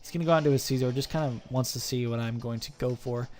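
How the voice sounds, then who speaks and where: A man's voice: medium pitch, fairly even intonation, fast talker, darkish tone. A young man narrating an online game battle in a joking, self-mocking play-by-play voice-over. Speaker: gaming channel host. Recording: faint music behind.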